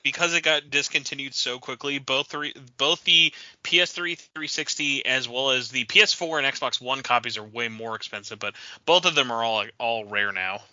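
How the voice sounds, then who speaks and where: A man hosting a gaming podcast in casual chat, animated and quick to laugh. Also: mid-range voice, no echo. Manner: animated, laughing, imitates others. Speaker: podcast host. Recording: dull lo-fi audio.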